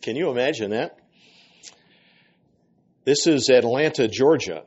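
A man's voice: medium pitch, lively intonation, unhurried, darkish tone, breathy edge. Earnest man lecturing, dull lo-fi sound. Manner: earnest, with frequent fillers. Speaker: workshop teacher for ministers. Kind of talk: lecture with reading aloud. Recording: dull lo-fi recording.

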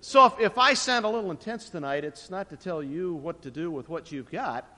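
A man preaching a sermon with emphatic, dramatic swings in pitch and loudness. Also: animated, brisk. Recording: long reverb of a large hall.

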